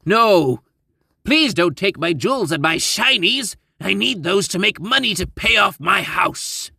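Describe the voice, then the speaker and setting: A man's voice: sits high, expressive, a little slow, gravelly, pushed and bright, slightly rough, no room sound, clean studio sound, pitched above the performer's own voice, heavily acted. A man voicing a frightened homeowner begging a thief not to take his jewels. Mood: panicked. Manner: panicked and pleading.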